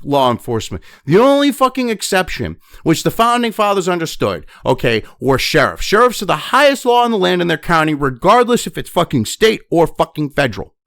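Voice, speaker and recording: A man delivers a furious, profanity-laden rant, jumping between flat, muttered reading and sudden high, loud outbursts. His voice sits fairly high and swings widely in pitch. The sound is close and dry, with no room around it. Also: dry recording. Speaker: commentator reading and reacting to news. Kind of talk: profane political rant over news reading.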